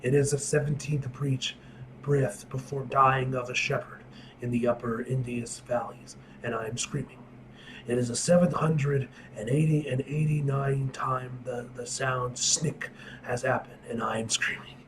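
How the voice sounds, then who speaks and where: A man reading aloud the lines of a cosmic woman reciting a vision, in a low, flat voice that stumbles over names. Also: measured pace, background noise, close to an everyday voice. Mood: solemn.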